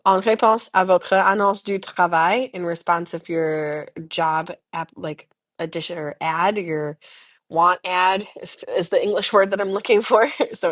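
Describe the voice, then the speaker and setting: A young female French teacher leads a recorded lesson, giving patient, chatty explanations in English. She pronounces each model phrase slowly and carefully, then leaves space for students to repeat it in repeat-after-me drills. Her voice is lowish, with a fairly bright tone.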